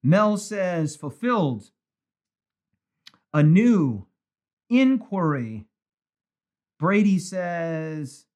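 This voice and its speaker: A male pastor leading a live-streamed Bible study, reading viewers' comments aloud with enthusiasm. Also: fairly high pitch.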